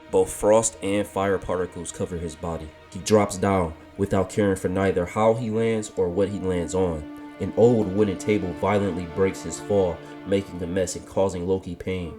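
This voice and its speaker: Deep-voiced man narrating action over music. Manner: steady blow-by-blow action narration. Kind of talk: scripted fan-fiction narration. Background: background music.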